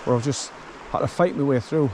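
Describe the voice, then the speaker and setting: A man's voice: mid-range voice, fairly quick, a little mellow, slight background noise, rough recording. A tired man giving a blunt, swearing walking commentary outdoors on an overgrown rural path while calling to his dog. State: tired from wading through bracken. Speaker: vlogger.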